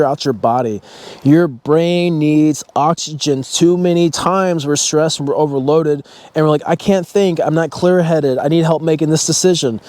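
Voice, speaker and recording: Man, fairly high voice, blunt motivational vlogger, casual swearing, talks straight to viewers. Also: a little mellow. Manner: blunt, swears freely, addresses viewers as guys. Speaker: self-help vlogger. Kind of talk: casual motivational talk to camera.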